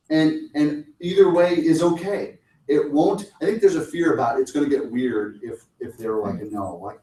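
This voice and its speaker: A man's voice: on the high side, lively intonation, a little fast, dark tone. A man giving a sales coaching talk to a small audience, speaking conversationally and acting out short client exchanges. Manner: conversational, acts out little client dialogues. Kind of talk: lunch talk presentation. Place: meeting room. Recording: echoey room, mic at a distance.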